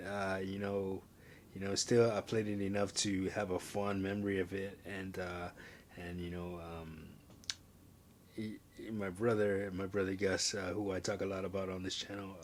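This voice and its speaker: A man hosting a casual retro video game review, talking in a loose, rambling way with lots of fillers and restarts. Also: low-pitched.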